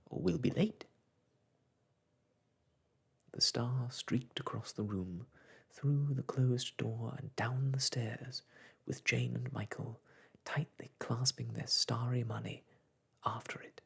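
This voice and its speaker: A man reading a bedtime story aloud in a soft, hushed whisper. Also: mid-range voice, creaky, breathy edge.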